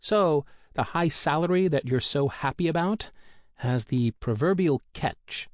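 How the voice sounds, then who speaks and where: A man's voice: on the high side, measured pace, no room sound, studio quality, pitched above the performer's own voice, natural voice. A man voicing a gloomy, serious male drilling supervisor who explains dangers in a sober tone. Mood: warning.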